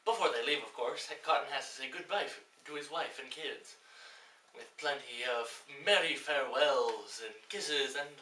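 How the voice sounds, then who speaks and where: A man with a very sharp, bright voice tears into a film in a mocking, profane comedy rant, often flaring into loud exasperation. He sits back from the mic in an echoey room, with a faint hiss behind him. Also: mid-range voice, moderate pace. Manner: builds to loud exasperated outbursts. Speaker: film reviewer. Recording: roomy echo, distant mic, faint hiss.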